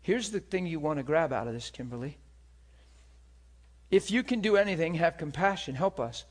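A man preaching a sermon, moving between hushed, whispered moments and loud, impassioned stretches. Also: on the high side, lively intonation, normal speed.

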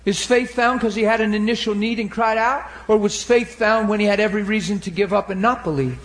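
A male preacher delivering an emotional sermon, animated and at times laughing through tears. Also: high voice, a little fast.

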